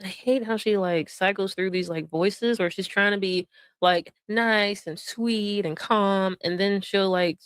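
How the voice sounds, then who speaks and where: A woman's voice: medium pitch, a little slow, smooth, dry recording. A woman hosting drama commentary, sarcastic and laughing as she mocks and mimics others. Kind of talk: mocking commentary over stream clips.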